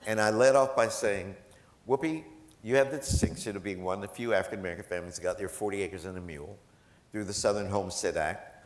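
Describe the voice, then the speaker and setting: A man's voice: lowish voice, fast talker. A man speaking as a guest at a gala, telling humorous stories to a live audience in a chatty, jokey way and quoting the people in them. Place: large event hall. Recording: echoey hall.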